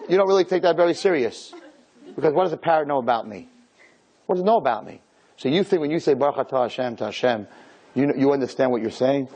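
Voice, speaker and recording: Teaching Torah with energy, this male rabbi performs little exchanges and throws out one rhetorical question after another. He speaks in a fairly high voice, a touch fast.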